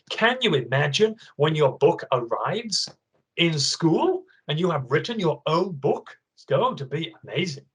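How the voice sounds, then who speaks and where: Male teacher, higher voice, very lively, reads a picture book for children. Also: husky, poor audio. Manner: animated, expressive, encouraging. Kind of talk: reading a picture book aloud in an online lesson.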